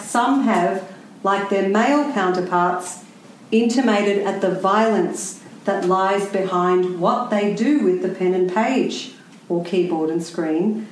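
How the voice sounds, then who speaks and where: A woman writer gives a prepared public talk to a live audience in a very echoey room, her medium-pitched voice wry and pointed. The recording carries a little hiss or hum.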